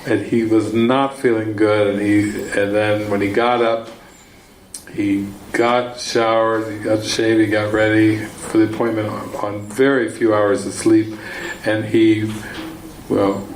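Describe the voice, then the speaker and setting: A man's voice: lowish voice, little pitch movement, measured pace, slight background noise. A man giving a spiritual teaching talk, telling a story and repeating words for emphasis. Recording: echoey room, faint ambience.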